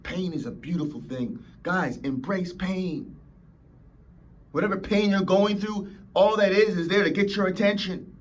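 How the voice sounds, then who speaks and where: A man's voice: high-pitched, unhurried. A man hosting a motivational podcast, preaching emphatically and acting out whiny complainers. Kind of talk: motivational talk.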